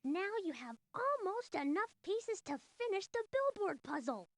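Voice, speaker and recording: An actor voicing a cheery, high-voiced helper character in a puzzle video game. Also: very animated, normal speed, dry recording, full character voice. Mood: encouraging.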